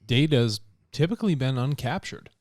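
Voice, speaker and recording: A man's voice: medium pitch, animated, moderate pace, darkish tone, no echo, studio quality. A man co-hosting a podcast in casual chat, talking loosely with many fillers. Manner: laughs easily, loose and conversational with many fillers. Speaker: podcast co-host.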